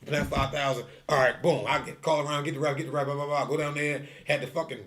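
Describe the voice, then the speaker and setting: A man telling a story in casual chat, animated and full of slang, acting out quotes. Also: fast talker. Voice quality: heavy profanity and slang. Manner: animated storyteller, acts out quotes with rising pitch. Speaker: streetball tour organizer.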